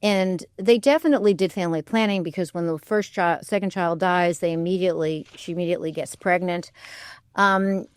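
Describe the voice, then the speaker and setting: A woman's voice: fairly low pitch, fairly even intonation, brisk, smooth, no echo. Thoughtful woman historian, dry studio voice. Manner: thoughtful, candid, hedging with "I think". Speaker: historian and author as guest. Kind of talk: public radio interview. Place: radio studio.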